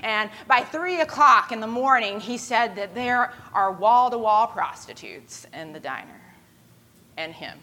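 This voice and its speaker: A woman preaching a sermon, retelling a story with lively voiced quotes. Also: fairly high pitch, measured pace, rough recording.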